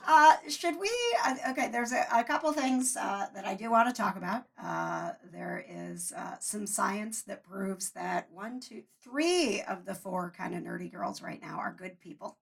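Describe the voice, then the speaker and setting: A woman's voice: medium pitch, a little slow, vocal fry, few pauses, husky. A woman hosting a podcast, chatty and upbeat, with lots of fillers as she talks casually with friends. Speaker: podcast host. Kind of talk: casual chat.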